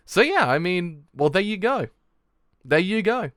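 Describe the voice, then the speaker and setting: Young man, excitable reaction host, swears a lot, animated swooping voice, slightly high. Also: unhurried, no echo, studio quality. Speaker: manga reaction channel host. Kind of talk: live reaction and review.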